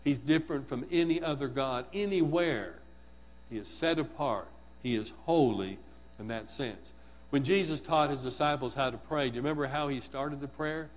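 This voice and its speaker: A man's voice: mid-range voice, normal speed, big-room sound, lo-fi sound, a little hiss or hum. A man preaching a sermon, asking his congregation questions and repeating words for emphasis.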